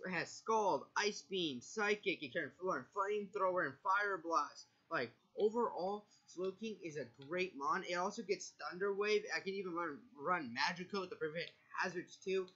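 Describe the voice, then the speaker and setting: A nervous video creator rambles through his picks in a loose draft breakdown, frequently stumbling and self-correcting. The voice is high and sharp with a breathy edge. The recording sounds dull.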